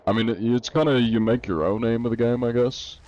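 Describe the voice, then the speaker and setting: A man's voice: medium pitch, steady tone, a little fast, darkish tone, highs cut off. A young adult man streaming a game, chatting casually and answering viewers' questions in a laid-back, rambling way. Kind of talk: casual live-stream chat, reading chat questions.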